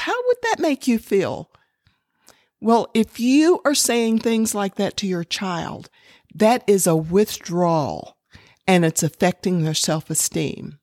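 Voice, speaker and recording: Slow earnest woman talking to parents. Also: mid-range voice, sing-song, a little mellow, dry recording, clean studio sound. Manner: earnest, quotes examples in acted tones. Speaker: parenting speaker. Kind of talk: talk to parents.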